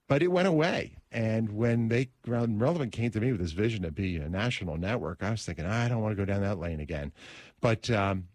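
A middle-aged man with a fairly low speaking voice tells a personal story in an interview. He is an animated storyteller who acts out the scenes and often stumbles and restarts his phrases. The sound is close and dry. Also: dry recording. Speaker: talk radio host.

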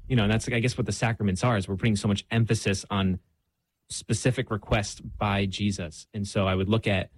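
A man's voice: on the low side, level tone, a little fast, dry recording. A young man telling his own faith story in a candid, self-deprecating way, full of fillers and restarts. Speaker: guest. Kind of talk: casual faith conversation.

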